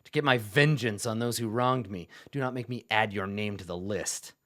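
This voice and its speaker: A man's voice: fairly low pitch, normal speed, bright, forceful tone. A man doing a scornful undead revenant warrior. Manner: sneering, growled declarations. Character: grim male revenant warrior, scornful and zealous.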